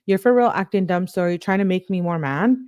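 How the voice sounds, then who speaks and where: An irate teenage girlfriend, read aloud by a woman in a heated, scolding rush, voice lifted slightly above the reader's usual pitch. Dry, close sound with no room around it. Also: quick pace, darkish tone, smooth, no room sound, lightly acted. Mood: exasperated.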